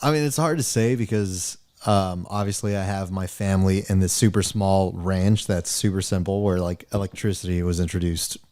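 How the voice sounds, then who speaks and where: A man with a very low voice answers a question on a podcast, hesitant and soft-spoken. The sound is dry and close. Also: fairly even intonation, moderate pace, few pauses, no room sound. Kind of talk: casual chat.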